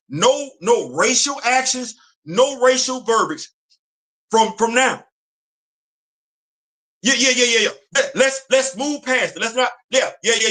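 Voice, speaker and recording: Male live-stream host, bright edgy tone, emphatic ranting commentary. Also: high-pitched. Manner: emphatic, repetitive, street slang and rhetorical questions. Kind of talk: impassioned commentary. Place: home studio on a live stream.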